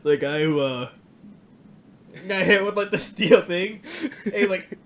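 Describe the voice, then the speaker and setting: A man's voice: sits high, a little slow, fairly bright tone. A young man chatting casually on a podcast, telling loose rambling stories, swearing a lot and laughing often. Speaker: podcast host. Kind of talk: casual chat.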